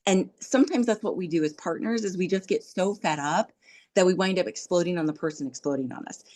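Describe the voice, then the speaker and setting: A woman's voice: lowish voice, brisk, a little mellow. A middle-aged woman hosting a podcast, giving earnest relationship advice in a casual, coaching way. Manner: earnest, coaching, acts out quoted dialogue. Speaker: podcast host.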